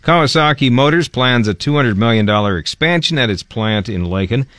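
A man reading business news on the radio in a measured, formal newsreader style. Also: medium pitch, lively intonation, fairly bright tone, no echo. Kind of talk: scripted news read.

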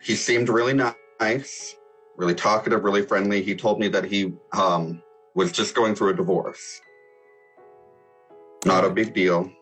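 A young man in his twenties with a low, husky voice recounts a story over a video call. He hesitates often, filling gaps with ums, and stays matter-of-fact. Faint music sits behind him. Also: fairly even intonation, measured pace, fairly bright tone. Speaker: guest caller telling a date story. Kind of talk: casual storytelling.

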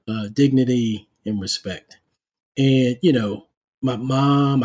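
Warm, husky-voiced male podcast host. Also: medium pitch. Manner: animated storyteller, acts out dialogue. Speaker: podcast host, former police chief. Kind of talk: conversational interview storytelling.

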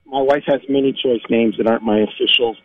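A man's voice: medium pitch, steady tone, fast talker, crowd noise. A man calling in to a radio show, speaking in a mild, hedging, agreeable way over a phone line. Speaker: radio caller. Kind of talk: call-in conversation.

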